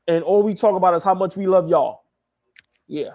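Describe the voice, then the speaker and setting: A man's voice: high-pitched, normal speed, pauses often, dark tone. A young man co-hosting a live sports stream, sentimental and repeating himself as he thanks viewers. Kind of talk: emotional live stream chat.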